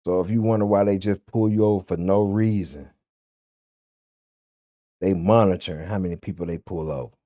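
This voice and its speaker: A man's voice: low-pitched, normal speed, pauses often, mellow, no room sound. A man with a Memphis Southern accent, ranting and telling a story in a blunt, profane way. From Memphis, USA. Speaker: vlogger. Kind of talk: casual storytelling rant.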